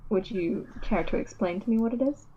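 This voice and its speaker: A woman playing an investigator in a tabletop game, questioning calmly and patiently. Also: medium pitch, lo-fi sound, crowd noise. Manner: calm, measured, patient questioning. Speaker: player.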